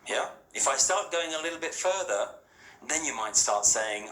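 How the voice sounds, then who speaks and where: A man's voice: fairly high pitch, lively intonation, moderate pace, bright, forceful tone. A man giving an interactive talk to a live audience, talking casually and asking them questions, often checking in with "yeah?". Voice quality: conversational, rhetorical, frequent "yeah?" and "right?" check-ins. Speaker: spiritual speaker addressing an audience. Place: hall with an audience. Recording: echoey hall with faint ambience.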